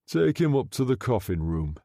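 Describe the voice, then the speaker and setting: A man doing a soft-spoken menacing gangster. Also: very animated, moderate pace, no room sound, clean studio sound. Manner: soft, low, quietly threatening. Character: menacing smooth-talking gangster undertaker man.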